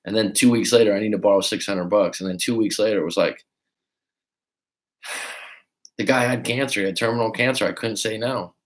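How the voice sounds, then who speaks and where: Male life coach on a livestream, low-pitched, loose and candid, storytelling with some swearing. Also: moderate pace, long pauses. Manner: casual, swearing, storytelling with acted quotes. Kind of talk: livestream advice talk.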